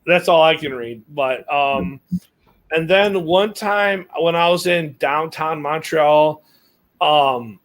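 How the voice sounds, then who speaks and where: Rambling guy, slightly high voice. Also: takes it slowly, fairly bright tone. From United States. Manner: rambling, profane, full of fillers. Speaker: podcast co-host. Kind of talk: casual storytelling chat.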